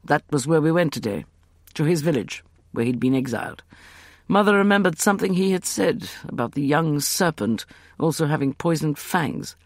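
A man's voice: a little high, expressive, moderate pace, no echo, clean studio sound. A man reading an audiobook, voicing an earnest young man who explains what he learned.

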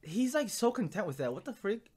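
A man's voice: high voice, big pitch swings, fairly quick, slightly rough. Emotional young man reacting to anime. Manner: emotional, swearing, laughing, swings from muttering to loud outbursts. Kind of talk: casual reaction commentary.

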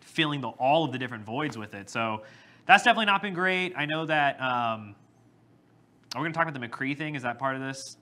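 A man's voice: medium pitch, expressive, fairly quick, pushed and bright. A man co-hosting a gaming podcast, chatty and easygoing, with frequent laughter. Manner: chatty, laughs often, lots of fillers. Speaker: podcast co-host. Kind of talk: casual chat.

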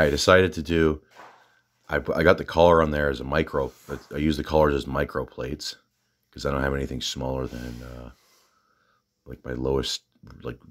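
Southern guy, extremely low voice, halting and filler-heavy, chatty gym vlogger. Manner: rambling, halting, lots of fillers and restarts. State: out of breath. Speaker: fitness vlogger. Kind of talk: casual rambling gym vlog.

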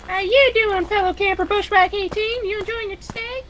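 Very high-pitched, bright playful woman. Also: fairly even intonation, moderate pace, a little hiss or hum, rough recording. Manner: playful, sing-song folksy voice put on for laughs. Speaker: co-player. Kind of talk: casual chat during gameplay.

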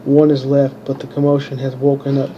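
A man reading his own fantasy story aloud in a plain, monotone way, stumbling and restarting now and then. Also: mid-range voice, brisk, lo-fi sound, slight background noise. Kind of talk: unpolished audiobook narration.

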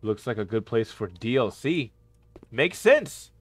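Excitable male gamer with a lively voice. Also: medium pitch, measured pace, noisy background. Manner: excitable, yelps and shouts at the game. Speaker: gaming YouTuber. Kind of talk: horror game playthrough commentary.

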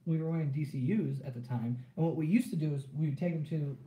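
A man in his thirties, an army veteran, telling stories in casual chat, animated and profane with many restarts. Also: a little high, fast talker. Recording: echoey room with faint noise.

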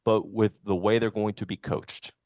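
In a radio studio, a man co-hosting a sports show talks football casually and animatedly, also reading live sponsor spots. His voice is fairly low in pitch at a moderate pace, recorded dry and studio quality.

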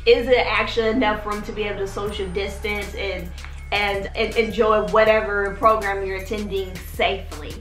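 A woman's voice: medium pitch, fairly even intonation, normal speed. A woman hosting a casual advice vlog, chatty and talking straight to her viewers, checking in with "okay?" all the time. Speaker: vlogger, channel host. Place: her home in Texas. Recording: roomy room with faint background music.

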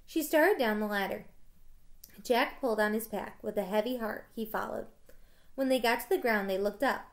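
A woman's voice: a little high, normal speed. A woman teacher reading a children's book aloud in a casual storytelling way, with small slips.

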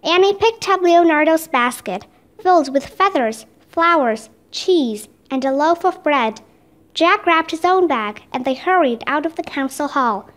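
With a high, lively voice that roams across a wide pitch range, a storybook reader narrates a children's chapter book steadily and expressively. Her pace is measured.

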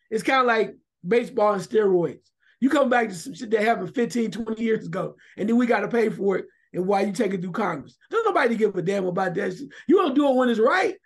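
A man with a notably high voice talks sports on the radio. He is emphatic and animated, and he breaks into shouts to drive his points home. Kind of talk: opinionated sports talk radio.

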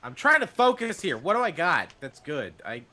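A goofy man rambling over voice chat during a poker game, his pitch jumping all over and his voice bright. He laughs easily and slips into silly voices. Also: very animated, moderate pace. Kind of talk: casual gaming chat.

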